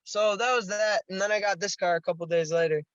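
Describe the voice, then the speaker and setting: High, bright-voiced young man cursing freely. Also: fast, clear, resonant tone, no room sound, highs cut off. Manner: profane, animated storytelling with bursts of laughter. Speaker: podcast guest. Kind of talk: casual storytelling.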